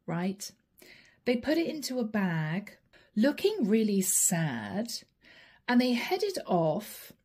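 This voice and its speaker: Woman tarot reader, breathy and mellow, pitched a bit high, casual and emotional storyteller. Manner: emotional, intimate, storytelling with soft asides. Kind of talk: casual spoken tarot reading.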